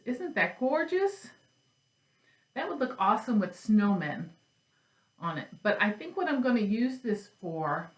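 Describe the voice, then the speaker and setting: An echoey room and low-quality recording frame this woman's medium-pitched, fairly bright voice. The flosstube host chats at home about her cross stitch and craft gear in a chatty, rambling, self-deprecating way.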